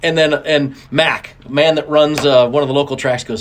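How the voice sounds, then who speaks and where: A middle-aged man talking as a racing guest in a relaxed interview, his voice sitting a little high for a man. He tells stories with lots of animation, leaping up in pitch whenever he acts out what someone said. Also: normal speed, hardly any pauses, a little hiss or hum. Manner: animated, acts out quotes with big pitch jumps. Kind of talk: casual interview storytelling.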